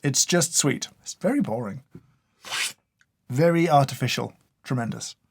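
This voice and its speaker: A man's voice: mid-range voice, expressive, a little slow, vocal fry, darkish tone, slightly rough. A man giving casual taste-test commentary in a dry, sardonic, mock-exasperated way. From United Kingdom. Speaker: coffee reviewer.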